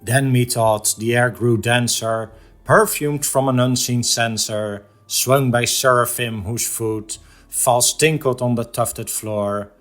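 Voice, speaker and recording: A man lecturing on a poem, reciting its verses in a measured, deliberate dramatic reading and explaining them in a teacherly way. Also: mid-range voice, fairly even intonation, a bit bright, soft background music. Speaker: art lecturer.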